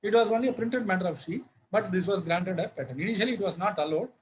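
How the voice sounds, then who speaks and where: A man giving a law lecture, halting often with fillers and restarts and spelling words out. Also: sits high, a little hiss or hum, rough recording.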